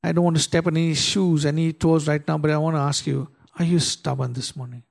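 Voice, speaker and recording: A man preaching a sermon with an emphatic, rising delivery. He fires rhetorical questions at his listeners and slows right down to read scripture with weight. His voice sits a little higher than most men's. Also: fairly even intonation, vocal fry, a little mellow. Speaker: pastor.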